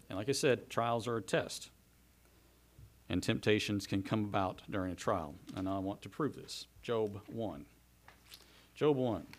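A man preaching a sermon, reading scripture aloud and commenting, swinging between soft asides and loud, fervent passages. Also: mid-range voice.

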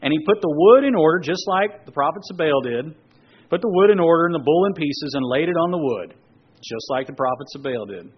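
A man's voice: fairly high pitch, animated, a little fast, breathy edge, highs cut off. A man preaching a sermon, reading scripture aloud and then breaking off into conversational asides to explain it. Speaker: pastor.

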